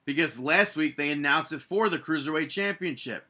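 A man's voice: a little high, moderate pace, pushed and bright. A young man co-hosting a casual wrestling podcast, recapping matches with an opinionated, exasperated manner. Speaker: podcast co-host.

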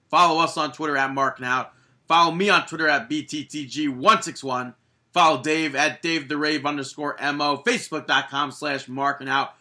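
A man's voice: medium pitch, bright, forceful tone. A young man co-hosting a casual podcast, enthusiastic, laughing often and trailing off mid-sentence. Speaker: podcast co-host.

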